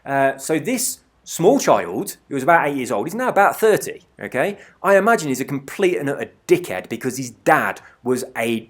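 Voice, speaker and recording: A man in his forties telling a story in a casual, animated way, swearing freely as he talks over gameplay. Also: medium pitch, normal speed, hardly any pauses. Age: 40s. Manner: animated, swears freely, laughs through stories. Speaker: gaming channel host.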